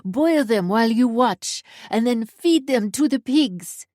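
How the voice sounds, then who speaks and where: A woman's voice: on the high side, lively intonation, unhurried, a little mellow, no room sound, clean studio sound, pitched above the performer's own voice. A woman voicing an enraged Russian woman who shrieks violent threats, in a Russian accent. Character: furious female Russian captive, vicious threats.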